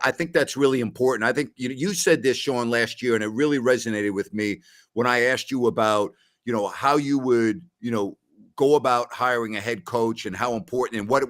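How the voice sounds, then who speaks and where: A man hosting a casual sports talk show, agreeable and measured as he trades opinions with his co-host. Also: medium pitch, a bit bright.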